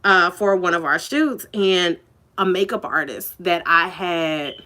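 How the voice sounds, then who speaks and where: A woman's voice: lowish voice, measured pace, bright, forceful tone. A woman telling a personal story in a casual vlog, chatty and candid, full of "like" and "you know".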